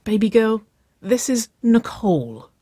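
A reader voicing an excitable young woman, a bossy, teasing older sister, with loud, squealing exclamations. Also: mid-range voice, takes it slowly, breathy edge, dry recording, studio quality, voice pushed up, full character voice.

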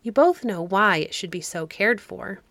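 A woman reading a storybook aloud, voicing a kind young governess who speaks gently and soothingly. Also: medium pitch, lively intonation, normal speed, gravelly, no room sound. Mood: gentle. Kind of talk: audiobook reading.

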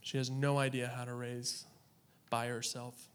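A man from Oklahoma giving a personal faith testimony in an earnest, halting way, with long dramatic pauses. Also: mid-range voice, flat delivery, clean tone.

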